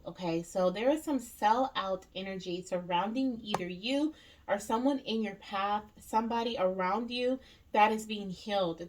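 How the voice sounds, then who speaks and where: A woman giving a casual tarot reading to camera, chatty and reassuring, filling pauses with um and okay. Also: mid-range voice. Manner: chatty, reassuring, many ums and okays. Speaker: tarot reader. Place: indoors by a window in natural light.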